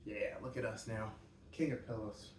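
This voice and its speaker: A man's voice: lowish voice, steady tone, normal speed. A young man vlogging his home workout, chatty and joking to himself between exercises. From Canada. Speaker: fitness vlogger. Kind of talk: casual workout vlog. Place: home room at night. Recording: roomy distant mic with faint background hum.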